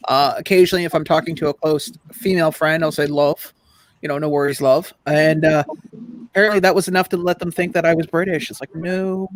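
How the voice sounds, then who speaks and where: Man from Canada, high-voiced, playful storyteller, dry sound. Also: steady tone, brisk, no echo, rough recording. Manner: joking storyteller, laughs at his own lines. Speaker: co-host of a live collectibles stream. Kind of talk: casual live-stream chat.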